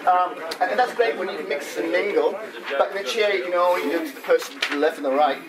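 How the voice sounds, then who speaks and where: High-pitched guy running a laughter workshop, playful, heard from far off in an echoey room with a noisy crowd. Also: fast. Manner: playful, breaks into demonstration laughs. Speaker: laughter club leader. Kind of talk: workshop talk leading laughter exercises. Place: conference room with an audience. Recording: echoey room, mic far off, audience noise.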